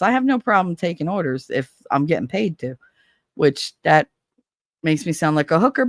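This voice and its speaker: A woman's voice: deep voice, very animated, normal speed, no echo, clean studio sound. A woman hosting a livestream, chatting casually with viewers, blunt and swearing freely, laughing often. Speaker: livestream host. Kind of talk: casual chat with live viewers.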